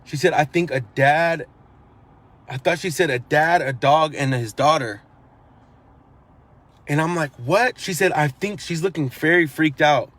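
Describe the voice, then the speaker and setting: Man with a somewhat high voice recounting events in earnest, repetitive and urgent. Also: moderate pace, fairly bright tone. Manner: earnest, repetitive, grows urgent while retelling; repeats phrases and restarts. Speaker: eyewitness. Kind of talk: emotional first-person recounting.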